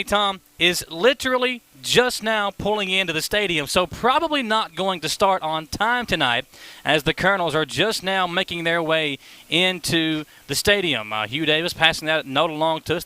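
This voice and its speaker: A man calls a high school football pregame show. His voice is bright and forceful and sits a little high. He keeps an energetic, brisk announcer pace. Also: clear, resonant tone. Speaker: play-by-play broadcaster. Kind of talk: pregame sports broadcast.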